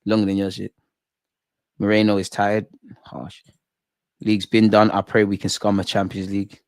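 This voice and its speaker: A man's voice: lowish voice, monotone, normal speed, dry recording, studio quality. A young man doing live, jokey, slang-filled football watch-along banter with his chat. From England.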